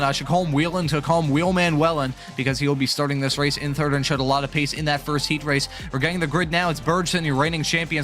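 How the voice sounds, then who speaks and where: A man's voice: a little high, a bit bright. A man commentating a sim racing broadcast, chatty and upbeat, joking between race calls. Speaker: lead commentator. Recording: faint music bed behind.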